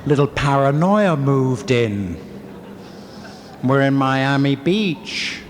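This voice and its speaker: An English man tells his recovery story in a wry, candid, storytelling way, at a middle pitch. The voice carries a long hall reverb with faint room ambience, like an old convention tape. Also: animated, slow pace, slight background noise. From England. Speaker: convention speaker.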